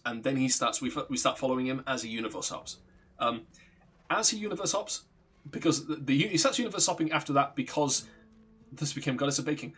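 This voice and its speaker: A man's voice: a little high, a bit bright, husky. A man streaming a video game, chatting loosely and swearing freely as he rambles and corrects himself. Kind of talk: casual chat while playing a game.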